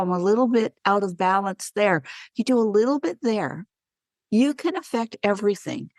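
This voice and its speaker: A woman, a guest wellness practitioner on a podcast interview, who tells animated stories and acts out the dialogue. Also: medium pitch, no room sound. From Canada.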